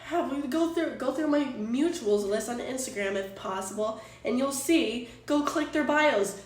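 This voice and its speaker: A woman's voice: sits high, a little slow. A woman streamer chatting casually, exasperated and rambling, swearing freely as she defends herself to her chat. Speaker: Twitch streamer. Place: apartment room. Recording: echoey room, distant from mic.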